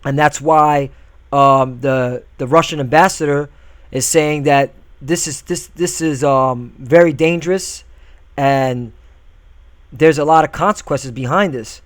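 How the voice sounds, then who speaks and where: Man, commentator, preachy and combative, slightly high voice, dry close mic, lots of "all right?" checks. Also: measured pace, no echo. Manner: reads scripture and news aloud. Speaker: video commentator. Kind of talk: religious political commentary.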